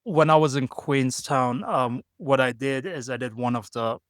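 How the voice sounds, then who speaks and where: A man's voice: mid-range voice, normal speed, dry recording, clean studio sound. Easygoing male podcast host. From Germany. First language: German. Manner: easygoing, searches for words. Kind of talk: casual conversation. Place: backpackers hostel.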